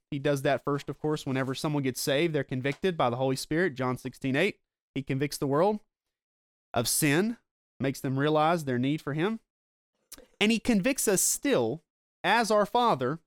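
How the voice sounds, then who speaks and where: A man preaching a sermon in an earnest, explanatory way, slowing down to stress his key points, a parent himself. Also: fairly high pitch, dry recording, studio quality. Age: adult with children. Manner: earnest, explanatory, slows down for emphasis. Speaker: pastor.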